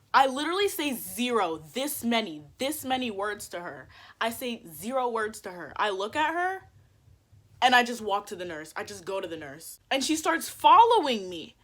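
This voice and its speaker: A young woman telling a story on her vlog in casual chat, animated, saying "like" a lot and swearing freely. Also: medium pitch. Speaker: vlogger.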